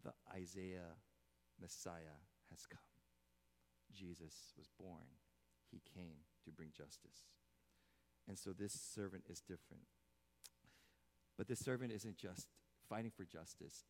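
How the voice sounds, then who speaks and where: A man preaching a sermon as pastor, swinging from hushed, soft passages to loud, emphatic exclamations. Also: fairly low pitch. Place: church sanctuary. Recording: long hall reverb.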